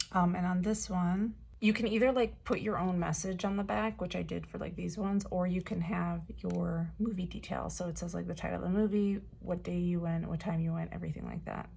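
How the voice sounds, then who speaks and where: A woman chatting casually as a fan vlogger, hoarse and losing her voice, with lots of fillers and soft laughs. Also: on the low side. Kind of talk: casual chat.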